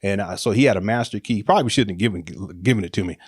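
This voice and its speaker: A middle-aged man casually telling a personal story, animated, laughing often and acting out what people said. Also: on the low side, racing, breathy edge, dry recording, clean studio sound. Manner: animated, laughs often, acts out quotes with raised voice.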